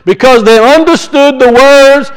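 A male preacher with a notably high-pitched voice. He moves between relaxed, homespun anecdotes and slow, emphatic scripture reading. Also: low-quality recording. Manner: folksy storytelling, rising to emphatic scripture reading. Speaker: pastor. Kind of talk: sermon.

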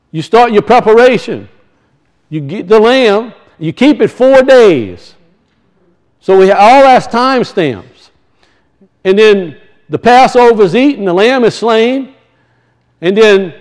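A man teaching from scripture to a congregation, asking questions, answering them himself and repeating key points. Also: high voice. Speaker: bible teacher. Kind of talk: teaching sermon.

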